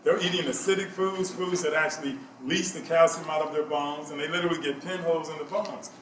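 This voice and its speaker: A man's voice: a little high, fairly even intonation, a little fast, slight background noise. Emphatic man giving a health talk. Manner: emphatic, repeats key points. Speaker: health speaker. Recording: echoey room, mic at a distance.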